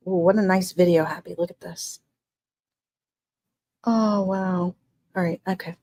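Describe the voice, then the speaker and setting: A woman's voice: lowish voice, steady tone, unhurried, long pauses, warm tone, no echo. A woman hosting a casual livestream on her phone, reading messages aloud, emotional and laughing between lines. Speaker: livestream host.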